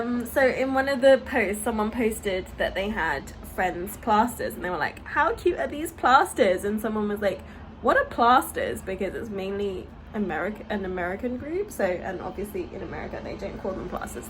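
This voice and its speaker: A woman's voice: medium pitch, lively intonation, normal speed, a bit bright, slight background noise, poor audio. A young British woman vlogging at home, telling rambling stories in a chatty way with lots of fillers. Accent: British English. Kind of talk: casual chat vlog. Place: home, on a balcony.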